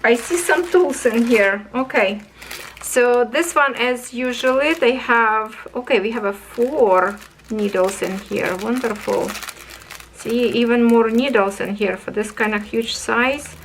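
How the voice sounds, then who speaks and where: Slow-talking enthusiastic woman crafter. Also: a little high, slight background noise, rough recording. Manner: slow, enthusiastic, talks to viewers as friends. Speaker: craft channel host. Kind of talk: casual unboxing review.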